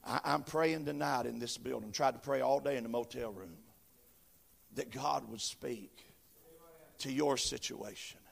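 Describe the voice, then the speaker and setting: A man preaching a sermon, chanting phrases that start with a gasped "uh" and swell into shouts. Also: mid-range voice, a little slow, gravelly, pauses often, slightly rough. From western North Carolina, USA. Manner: rhythmic preaching, each phrase opened with a gasped "uh", building to shouts. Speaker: visiting preacher. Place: church building.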